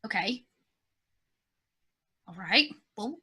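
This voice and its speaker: A woman's voice: medium pitch, lively intonation, very slow, sharp tone, husky. A woman playing her character in a tabletop game, hesitant and stammering yet eager. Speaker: player. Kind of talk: in-character tabletop role-play.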